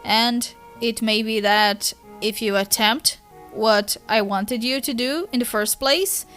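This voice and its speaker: Brief: a woman as a patient, soothing teen girl, fairly high voice. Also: takes it slowly, a bit bright, faint music behind. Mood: coaxing. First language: Brazilian Portuguese. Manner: soothing, coaxing.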